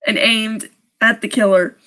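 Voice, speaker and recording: A woman's voice: on the high side, fairly even intonation, a little slow, bright, forceful tone. Giggly young woman reading a creepy story. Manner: giggly and sarcastic, often breaking off to laugh. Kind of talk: live-stream story reading with joking asides.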